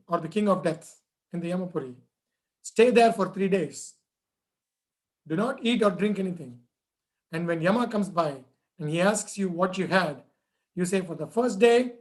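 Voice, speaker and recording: A man voicing a kind disembodied voice from the heavens that gently gives instructions. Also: high voice, close to an everyday voice.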